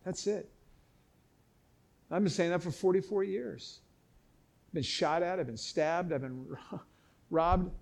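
A man's voice: sits high, takes it slowly, gravelly, pauses often. A middle-aged man preaching a sermon, explaining scripture with emphatic, impassioned delivery and frequent restarts. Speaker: pastor.

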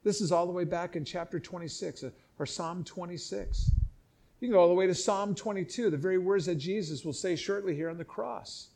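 Impassioned middle-aged male pastor, high voice, emphatic sermon delivery. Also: fairly quick, vocal fry, a little mellow. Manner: emphatic, impassioned preaching with repeated restarts. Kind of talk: sermon, reading and explaining scripture.

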